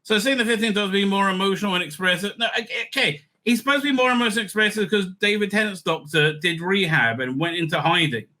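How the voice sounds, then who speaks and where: A male online commentator reading an article aloud and cutting in with scornful, profane remarks. His voice is sharp and very bright, sitting slightly high for a man. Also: quick pace, few pauses.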